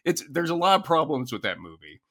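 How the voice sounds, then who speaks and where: A man's voice: fairly high pitch, very animated, fairly quick, fairly bright tone. An American man co-hosting a podcast in casual chat, chuckling often as he explains things. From United States. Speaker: podcast co-host.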